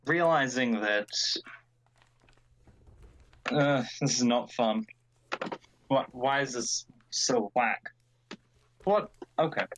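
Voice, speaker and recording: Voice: mid-range voice, fairly bright tone, a little hiss or hum, low-quality recording. A player in a tabletop game on a live stream, teasing and sarcastic.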